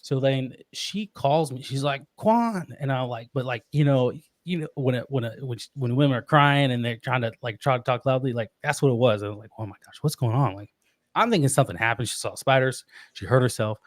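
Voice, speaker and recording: A man in his thirties telling a personal story in casual conversation, animated and laughing often. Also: medium pitch, fairly quick, no echo. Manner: animated, laughs often, acts out quoted voices. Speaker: podcast guest.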